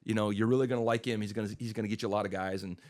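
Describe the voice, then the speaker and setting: A middle-aged man, a chiropractor guest on a podcast, telling stories in a casual, animated way and acting out the dialogue he recounts. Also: fairly low pitch, very fast. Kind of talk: casual storytelling interview.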